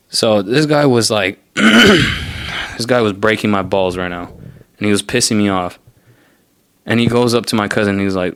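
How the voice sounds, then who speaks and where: A young man rants his way through a story on his podcast, swearing freely and sounding fed up. His voice sits on the low side. The sound is dry, with almost no room around it. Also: normal speed, a bit bright, no room sound. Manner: profane, exasperated storytelling. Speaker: podcast host. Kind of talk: casual ranting monologue.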